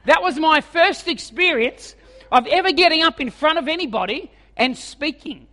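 A man's voice: very high-pitched, expressive, normal speed, bright, forceful tone, in a large hall. An Australian man in his forties preaching a sermon as a humorous, self-mocking storyteller. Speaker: evangelist preacher.

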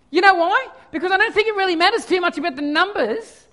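A male pastor preaching a sermon, swinging from quiet scripture reading to loud animated asides. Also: very high-pitched, fast, hardly any pauses, long reverb tail.

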